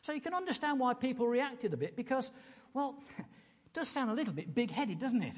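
A man's voice: extremely high pitch, sing-song, brisk. A British man preaching a sermon in a chatty way, putting questions to the congregation. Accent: British English. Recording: long hall reverb.

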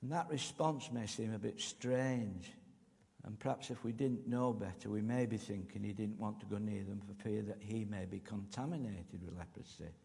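Male preacher, unhurried and deliberate, deep gravelly tone, recorded in a reverberant hall. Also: dark tone. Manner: slow, measured preaching with emphatic pauses. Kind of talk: sermon.

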